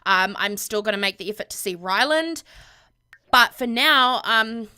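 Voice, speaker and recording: A woman voicing a young man breaking off a relationship, speaking firm, flat and apologetic, a little lower than her own voice. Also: normal speed, clean tone.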